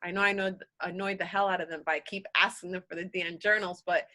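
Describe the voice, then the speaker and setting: A woman guest on a podcast, telling her personal story in an earnest, halting way, emotional and close to tears. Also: on the low side, steady tone. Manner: earnest, halting, with restarts and soft laughs.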